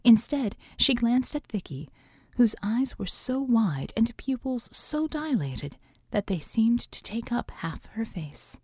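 A woman narrating an audiobook in a measured storytelling manner that often drops to a hush. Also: on the high side, very animated, slightly rough, no room sound, studio quality. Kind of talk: scripted narration.

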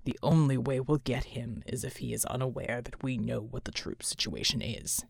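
A woman voicing a calm, stern male field commander in an audiobook. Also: very deep voice, moderate pace, gravelly, slightly rough, no echo, studio quality, voice pushed down, heavily acted. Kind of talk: audiobook character voice.

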